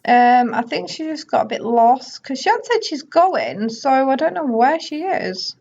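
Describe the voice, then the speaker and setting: A woman's voice: high-pitched, very animated, gravelly, a little mellow. Chatty lady narrating her sim game, a bit muffled audio. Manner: chatty, voices characters in quick asides. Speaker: gaming video host. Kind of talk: casual gameplay commentary. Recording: slightly dull lo-fi audio.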